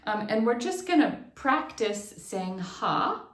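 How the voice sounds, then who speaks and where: A woman's voice: on the high side, sing-song, takes it slowly. A woman teaching an online singing lesson, explaining technique and breaking into short sung demonstrations. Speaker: vocal instructor. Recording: echoey room.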